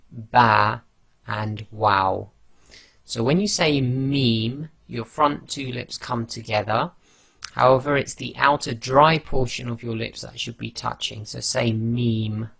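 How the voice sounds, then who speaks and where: Man, teacher, slow deliberate pace, gravelly low rasp, dry close sound, patient demonstrations. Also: fairly bright tone, no room sound. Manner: patient, demonstrates each letter sound slowly. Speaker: Quran recitation teacher. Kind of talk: slow instructional explanation.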